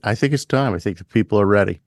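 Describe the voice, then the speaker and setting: A man co-hosting a podcast, chatting casually and riffing in a deadpan mock-announcer manner. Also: fairly low pitch, fast, dry recording, clean studio sound. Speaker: podcast co-host.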